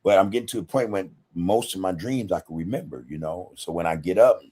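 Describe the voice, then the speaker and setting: On this laid-back livestream podcast, the male host reads comments from viewers and says hi to them directly. His voice is deep, mellow and a bit rough, his pace brisk, and his slangy talk is full of "man" and "you know."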